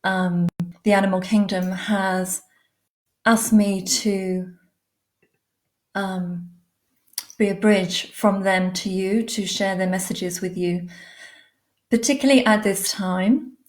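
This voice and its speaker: An English woman talking into a laptop mic during a live stream, greeting viewers one by one with lots of darlings and ums. She speaks slowly and gushes over every hello. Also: mid-range voice, fairly even intonation. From England. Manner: warm, effusive, calls viewers darling and lovely; many fillers, unhurried. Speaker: livestream host, animal communicator.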